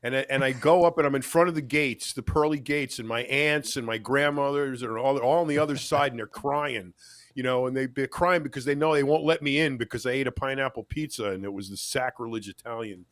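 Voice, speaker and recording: A man's voice: medium pitch, brisk, fairly bright tone, no echo. A man co-hosting a live fitness chat show, chatting playfully and laughing through his stories. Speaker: podcast co-host. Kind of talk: casual chat.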